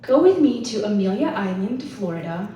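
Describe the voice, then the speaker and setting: A woman's voice: mid-range voice, big pitch swings, moderate pace, mellow, dull audio. A woman, telling a story as a conference speaker in a chatty way, with lots of "like". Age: 30s. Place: conference hall. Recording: echoey hall, voice from far off, faint hiss.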